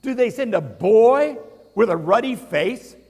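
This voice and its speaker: A man's voice: extremely high pitch, lively intonation, unhurried, darkish tone, husky, voice pushed up, full character voice. A man voicing a huge giant warrior, mocking and threatening. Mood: taunting. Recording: reverberant hall.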